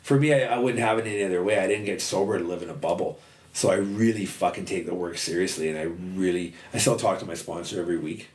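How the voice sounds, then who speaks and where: A man's voice: deep voice, quick pace, darkish tone, far from the mic. A man guesting on a podcast, talking candidly in a casual conversation and swearing freely. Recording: roomy sound, a little off-mic, faint noise.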